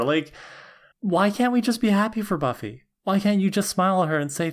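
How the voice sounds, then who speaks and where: A podcast co-host with a middle-pitched voice, talking in casual recap chat. The commentary is indignant and full of joking asides. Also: lively intonation, brisk.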